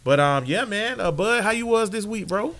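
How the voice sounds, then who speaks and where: A man's voice: high-pitched, animated, moderate pace, fairly bright tone. A man co-hosting a casual sports podcast, talking in a hype, playful, joking way. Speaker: podcast co-host.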